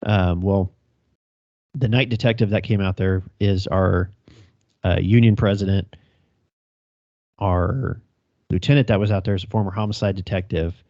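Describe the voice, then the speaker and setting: A man's voice: low-pitched, fairly even intonation, normal speed, pauses often, a little mellow, no echo. A young male police officer telling a chase story on a casual podcast, laughing, swearing and acting out radio calls. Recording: dry, dull lo-fi sound.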